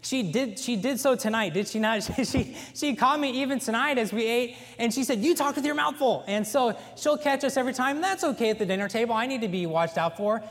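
A man with a strikingly high voice delivers a folksy sermon, leaning hard on key words as he tells his stories. His voice rings through a church with a long, echoing reverb. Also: brisk, few pauses. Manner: folksy storytelling with animated emphasis. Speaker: pastor. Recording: echoey church hall.

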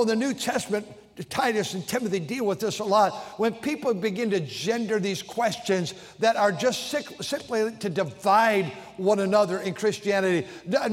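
A man preaching with passion, his voice pitched high, rising to shouts and dropping to near hushes. A long reverb from the church hall trails each phrase. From United States. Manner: impassioned preaching, swings from shouts to hushed tones. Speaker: pastor. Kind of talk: sermon. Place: large church sanctuary.

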